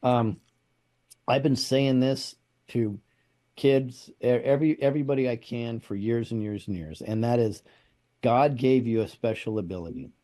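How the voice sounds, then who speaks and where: A man's voice: mid-range voice, moderate pace, dark tone. A man hosting a political talk show, chatting casually and repeating himself as he makes his points. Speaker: show host.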